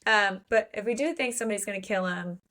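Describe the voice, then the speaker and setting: A woman's voice: mid-range voice, quick pace, a bit bright. A woman co-hosting a podcast, chatting casually about a fantasy novel with blunt, playfully crude jokes. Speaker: podcast co-host. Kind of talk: casual book discussion.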